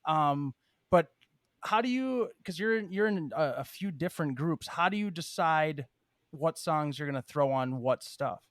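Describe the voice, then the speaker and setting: A man hosting a podcast in casual chat, talking in halting bursts with many ums and restarts. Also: a little high, expressive, dry recording, studio quality. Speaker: podcast host.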